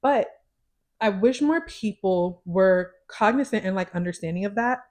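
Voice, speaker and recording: A woman's voice: medium pitch, animated, moderate pace, a little mellow. A young woman hosting her own podcast, talking candidly and expressively, swearing freely. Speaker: podcast host. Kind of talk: casual solo podcast talk.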